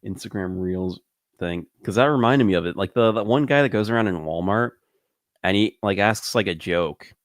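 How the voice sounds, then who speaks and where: A young man co-hosting a comedy podcast in loose, casual talk, quick to swear and laugh. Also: on the low side, no room sound, studio quality. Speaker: podcast co-host.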